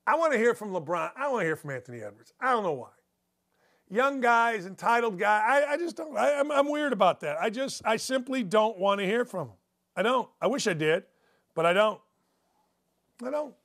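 A man's voice: sits high, a bit bright. A middle-aged man hosting a sports talk show, giving a blunt, opinionated commentary monologue and drifting into stories. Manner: blunt, opinionated, rambling storyteller.

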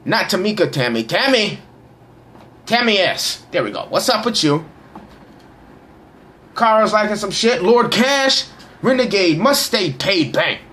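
A young man giving casual, boisterous shout-outs to followers in a profane, slangy way. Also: high voice, lively intonation, a little slow. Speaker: vlogger reading social media shout-outs. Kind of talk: casual live shout-out chat.

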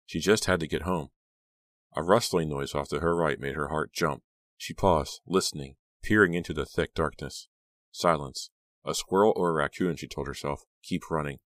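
Man, extremely deep voice, dry close sound, steady horror audiobook narration. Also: no room sound. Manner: steady measured storytelling.

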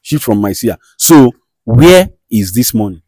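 A man with a Nigerian accent acting as a show host who calmly mediates a dispute and questions firmly. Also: mid-range voice, a little slow, no room sound. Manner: soothing, repeats "calm down", firm questioning. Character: male show host, calm and commanding mediator. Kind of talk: comedy skit acting.

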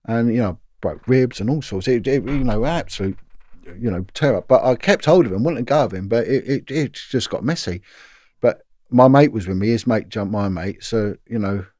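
A man's voice: medium pitch, moderate pace, no echo, studio quality. Man telling police stories. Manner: animated anecdotes with many fillers and repeats. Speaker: former police detective, guest. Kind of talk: storytelling interview.

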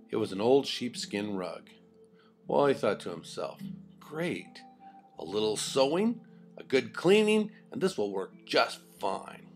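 An older man narrating a children's storybook in an expressive, folksy way. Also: mid-range voice, gravelly.

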